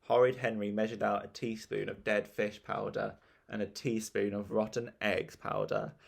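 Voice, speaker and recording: Man reading a kids' story, low voice, gravelly, slow, playful. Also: level tone.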